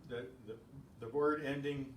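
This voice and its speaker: Slow-talking man teaching a class, echoey room. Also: medium pitch, fairly even intonation, slight background noise. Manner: slow, methodical explaining with chatty asides. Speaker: Spanish teacher. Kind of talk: classroom lesson. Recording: echoey room, distant mic, faint ambience.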